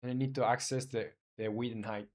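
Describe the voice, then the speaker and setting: A man who isn't a native English speaker live-streams himself coding a game, thinking out loud in halting, filler-heavy phrases and muttering search terms as he reads. His voice is mid-range and his tone stays steady.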